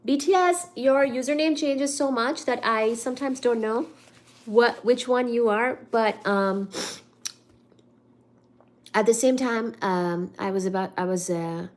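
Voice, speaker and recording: A chatty woman hosting a casual livestream, with a voice a little higher than most. She talks loosely with her viewers and reads their comments aloud, sometimes in a playful singsong. She sounds a bit stuffed up. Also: measured pace. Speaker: livestream host.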